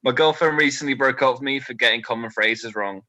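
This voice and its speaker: A man's voice: medium pitch, a little fast, no echo, low-quality recording. Young British man doing stand-up. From Britain. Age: 20s. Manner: deadpan one-liners, nervous asides to a quiet crowd. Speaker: stand-up comedian. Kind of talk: stand-up set.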